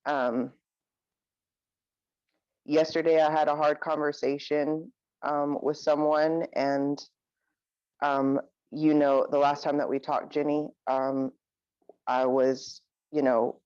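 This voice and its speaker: A person on a coaching video call sharing hesitantly, pausing and restarting often. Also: medium pitch, flat delivery, a little mellow, clear, resonant tone, no room sound, dull audio. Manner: hesitant, many fillers and restarts. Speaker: coaching client.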